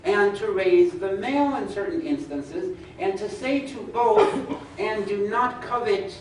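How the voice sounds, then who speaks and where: A man giving a measured religious lecture, laying out numbered points and reciting scripture in Arabic. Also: sits high, a little hiss or hum. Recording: echoey hall, speaker far from mic.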